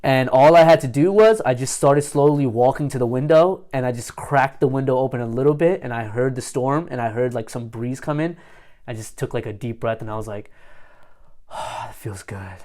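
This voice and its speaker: A man's voice: medium pitch, fairly quick, a little mellow. A man telling a long story on a casual podcast, swearing freely and acting out what his friends said. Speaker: podcast guest.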